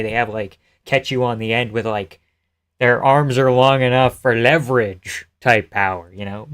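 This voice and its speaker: A man's voice: medium pitch, a bit bright, clean tone. A man hosting a live stream who casually comments on fights and reads chat in a loose, joking, profane way and laughs often.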